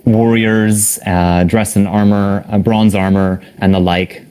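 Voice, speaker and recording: A man running a tabletop game as game master, setting scenes in relaxed, vivid detail. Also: fairly low pitch, unhurried, clear, resonant tone. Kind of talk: descriptive narration of a tabletop game.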